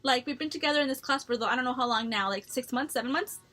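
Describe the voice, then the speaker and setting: A woman's voice: sits high, fast talker, sharp tone, faint music behind. A young woman chatting through a personal story for her vlog, blunt and full of swearing. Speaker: vlogger.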